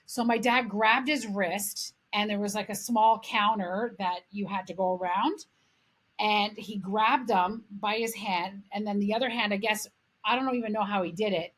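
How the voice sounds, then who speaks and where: A middle-aged Canadian woman co-hosts a podcast, telling animated stories in casual chat and swearing freely. Her voice is mid-range, and she speaks at a moderate pace.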